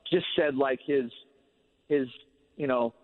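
A former ballplayer on a radio interview, telling a long story in a relaxed, rambling way full of fillers. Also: male voice, mid-range voice, takes it slowly, in a large hall. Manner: relaxed, rambling, many fillers like "you know". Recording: phone-line sound on radio.

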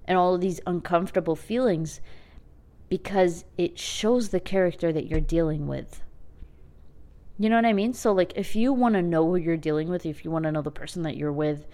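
A woman's voice: on the low side, normal speed, warm tone. A young woman hosting her podcast, chatty and self-mocking, rambling through a casual monologue. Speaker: podcast host.

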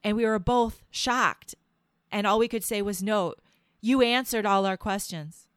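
A woman co-hosting a podcast with her sister, telling stories in a casual, animated way. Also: medium pitch, measured pace, clear, resonant tone, no room sound, studio quality. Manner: storytelling, animated retelling of quotes. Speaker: podcast co-host. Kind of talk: casual chat.

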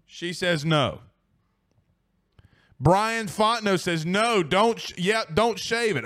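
A man with a high-pitched voice hosts a casual sports talk show on a studio mic. He reads out listener comments in an excitable, rambling way, laughing often and restarting his sentences. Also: slow, pauses often.

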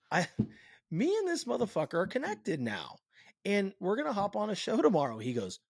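A man hosting a casual podcast, telling stories with lots of swearing. His pitch swings up and down as he talks. The sound is close and dry. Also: normal speed, gravelly, slightly rough, dry recording. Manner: animated storyteller, swears a lot. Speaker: podcast host. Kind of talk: casual chat. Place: lives in Saint Louis.

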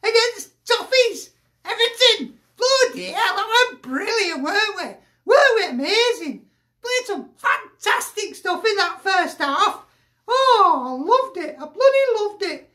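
A man voicing a squeaky, foul-mouthed football fan who cackles and swears gleefully. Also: animated, unhurried, bright, forceful tone, full character voice. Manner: gleeful, sweary, cackling, full of tag questions. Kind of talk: comic character rant.

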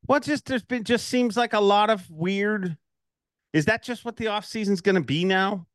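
A man's voice: high voice, normal speed, clear, resonant tone, no room sound, studio quality. Laughing, chatty male podcast host. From Ireland. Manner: storytelling, laughing, lots of "like". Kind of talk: casual interview chat.

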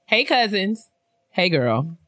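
Bright, animated young woman host. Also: mid-range voice, slow pace, no room sound. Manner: animated, laughs often, rambling asides. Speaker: podcast co-host. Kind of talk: casual chat reading listener emails.

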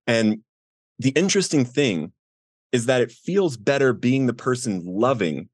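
A middle-aged man earnestly telling his personal recovery story as a podcast guest, voicing the people in it with raised pitch. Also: dry recording, clean studio sound. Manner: earnest, acts out quoted voices with rising pitch.

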